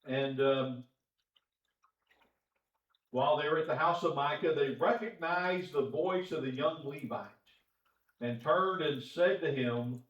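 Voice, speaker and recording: A man's voice: a little high, slow, pauses often, fairly bright tone. A man teaching a Bible class in a folksy, conversational way, chuckling often, recorded in a church auditorium. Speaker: preacher. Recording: echoey church room, distant dull mic.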